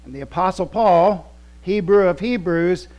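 Pastor preaching, a fairly high male voice. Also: moderate pace, a little mellow, highs cut off. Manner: conversational teaching with emphatic repeats. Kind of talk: sermon.

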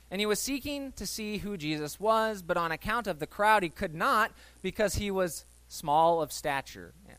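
A man's voice: high voice, fairly bright tone, no echo. A man preaching a sermon, reading Bible stories and acting out the voices in them, talking to his listeners and asking them questions. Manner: conversational, asks the listeners questions. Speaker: pastor.

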